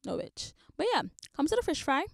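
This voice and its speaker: A woman's voice: sits high, wildly swooping pitch, brisk, gravelly, no room sound. A young woman hosting a podcast, talking casually in a blunt, profane rant with frequent laughs. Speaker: podcast host. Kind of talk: casual monologue.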